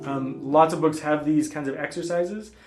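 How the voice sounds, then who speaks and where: Calm man teaching guitar in a roomy space. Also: on the high side, moderate pace. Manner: calm, patient explaining, calls out finger letters. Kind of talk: spoken instruction between playing. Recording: roomy sound with guitar playing.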